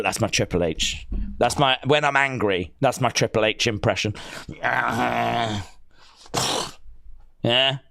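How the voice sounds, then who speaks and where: A man's voice: medium pitch, a little slow, gravelly, pauses often, a bit bright, dry recording, clean studio sound. A middle-aged man hosting a live wrestling watch-along who rants sarcastically and with exasperation while he reacts. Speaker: live stream host.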